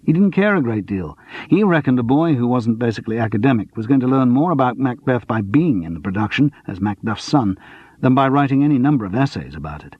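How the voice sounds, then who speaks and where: A calm, probing man, as a narrator plays him who presses his questions in a measured, persistent way. The voice is husky with a lively rise and fall, heard in a dull, dry storybook recording. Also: mid-range voice, no room sound. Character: calm probing man, quietly insistent investigator.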